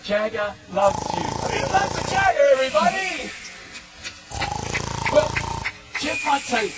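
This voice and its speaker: A man's voice: very high-pitched, very animated, a little slow, pauses often, heavy background noise. A man entertaining children on stage at a live concert, playfully talking to the audience. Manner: playful, exclaiming to kids. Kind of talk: live show patter to audience. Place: concert auditorium. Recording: echoey live hall, distant, loud music.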